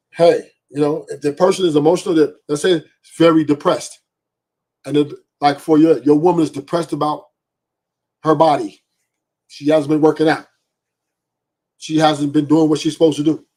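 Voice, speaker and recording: A man's voice: on the high side, a little mellow. A man hosting a podcast, giving blunt, profane opinions and often asking "right?". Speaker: podcast host.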